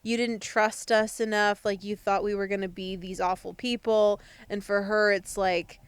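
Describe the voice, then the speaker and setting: A woman's voice: mid-range voice, level tone, normal speed, few pauses, clean tone, no echo. A young adult woman co-hosting a podcast, chatting casually and thinking aloud with many fillers. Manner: thoughtful, hedging with many fillers. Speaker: podcast co-host. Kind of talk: casual chat.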